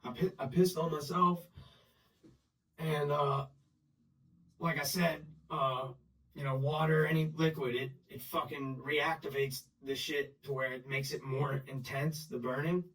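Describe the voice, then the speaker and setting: A man telling his own story in blunt, profane, halting talk full of restarts and fillers. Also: medium pitch, level tone, a bit bright, recorded from a distance, low-quality recording. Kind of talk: unscripted personal storytelling.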